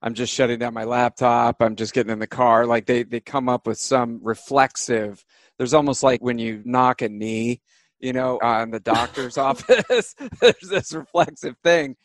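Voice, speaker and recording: A man hosting an interview podcast, asking quick follow-up questions and laughing along. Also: mid-range voice, no room sound. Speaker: podcast host.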